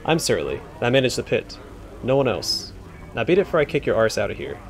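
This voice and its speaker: A man's voice: medium pitch, sing-song, fast, creaky, a little hiss or hum. A man reading out a rude, dismissive fighting-pit boss from a fantasy game. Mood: gruff. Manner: surly, dismissive.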